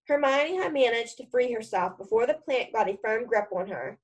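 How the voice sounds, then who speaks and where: A woman reading a children's novel aloud, her voice sitting somewhat high. She narrates in a plain, casual storytelling manner. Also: lively intonation, normal speed, slightly rough, low-quality recording. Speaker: reader.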